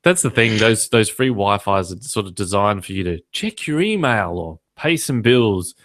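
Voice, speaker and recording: A man's voice: on the low side, lively intonation, normal speed, fairly bright tone. A man with an Australian accent hosting a podcast, joking and ranting in casual chat. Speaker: podcast host.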